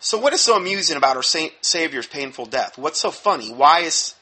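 Emphatic, bright-voiced male preacher. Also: on the high side, a little fast. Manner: emphatic, animated, with sudden drops to mumbled asides. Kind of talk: sermon-style teaching talk.

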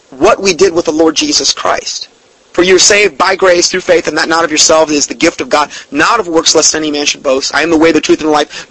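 A man's voice: on the high side, fairly bright tone, slightly rough, dry recording, rough recording. A man giving a blunt, emphatic Bible teaching, denouncing other churches and quoting scripture at length. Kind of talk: preaching-style Bible teaching.

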